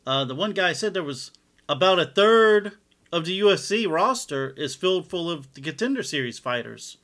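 A man's voice: sits high, expressive, moderate pace, a bit bright. A middle-aged man co-hosting a casual fight podcast, telling stories in a laid-back, chuckling way. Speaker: podcast co-host. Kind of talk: casual MMA chat.

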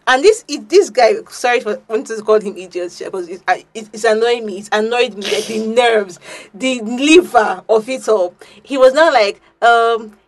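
A young woman, co-hosting a podcast and telling a story in casual chat, animated, swearing and restarting her sentences often. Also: a little high, normal speed, hardly any pauses. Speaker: podcast co-host.

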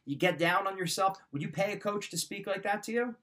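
A man's voice: high voice, fast talker, hardly any pauses, a bit bright. A man hosting a show, giving motivational advice in an emphatic, direct way and repeating his points. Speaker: podcast host. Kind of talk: motivational talk.

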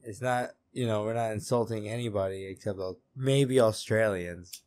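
A man's voice: lowish voice, steady tone, normal speed, a little mellow. A young man co-hosting a podcast in casual, profane banter. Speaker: podcast co-host. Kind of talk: casual chat.

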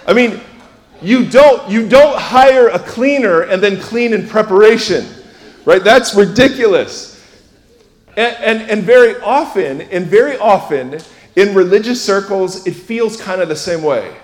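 A man preaching a sermon in a church, conversational and self-deprecating, moving between loud emphasis and hushed asides. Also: high-pitched, lively intonation, measured pace, long reverb tail. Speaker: pastor. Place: church sanctuary.

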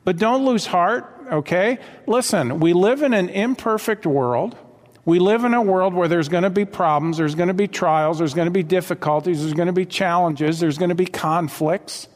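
A man's voice: high voice, moderate pace, long reverb tail. A man preaching a sermon as pastor, earnest and conversational, often repeating phrases for emphasis.

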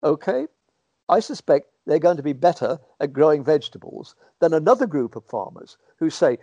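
A man speaking in a slightly high voice gives long, meandering interview answers and slips into little acted-out quotes of what people might say. The audio is dull and lo-fi, very dry, like a remote call. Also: sing-song, moderate pace, dark tone, no echo. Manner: thoughtful, rambling, acts out quoted speech.

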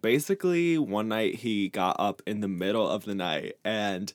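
Very low-voiced young woman, dry sound. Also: moderate pace, dry recording. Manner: relaxed, joking, laughs often. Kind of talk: casual chat, telling a spooky story.

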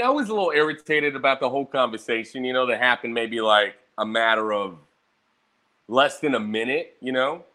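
A young man rambling casually about his day, swearing freely and jumping between stories, a little hungover. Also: mid-range voice. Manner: profane, rambling, animated storytelling.

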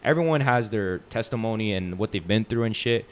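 Man, low voice, laid-back casual chat, reflective, filler-heavy. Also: animated, brisk, a little hiss or hum. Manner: laid-back and reflective, with constant fillers like "you know what I'm saying".

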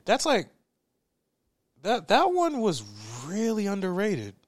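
Animated young man in casual chat. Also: sits high, slow, dry recording, studio quality. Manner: animated, laughing, repeats and restarts, slangy. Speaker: co-host.

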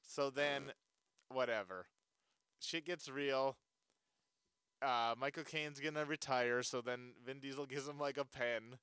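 A man's voice: medium pitch, steady tone, measured pace, long pauses, a bit bright, smooth, dry recording. A man chatting casually about a movie, loose and full of fillers, often laughing. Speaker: movie reviewer. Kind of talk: casual chat.

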